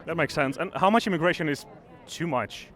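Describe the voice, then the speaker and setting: A man's voice: fairly high pitch, a little fast, a bit bright. A man interviewing people at a street rally, hesitant, with lots of ums and stammered restarts. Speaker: interviewer, independent YouTuber. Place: outdoors at a city street rally.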